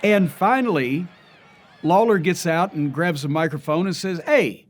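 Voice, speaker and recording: An older man and wrestling historian recounting events as an animated, vivid storyteller. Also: on the high side, moderate pace, a little hiss or hum. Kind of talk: storytelling interview.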